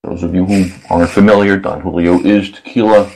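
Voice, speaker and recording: Male radio host, lowish voice, rambling casual storyteller, amused chuckles. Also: fairly even intonation, a little fast, a little mellow, rough recording.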